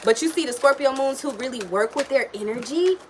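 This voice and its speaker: A woman's voice: high voice, brisk, a little hiss or hum. A woman giving a casual live-stream tarot and astrology reading, blunt and slangy, swearing and chatting with viewers. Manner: blunt, slangy, swears freely, talks to chat.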